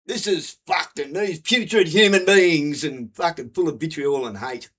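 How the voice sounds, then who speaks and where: A man, his voice sitting a bit higher than most men's. He rants bluntly and keeps swearing, looping back over the same points in a hard, sweary delivery. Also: moderate pace, a bit bright, slightly rough. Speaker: vlogger. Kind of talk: angry profane rant.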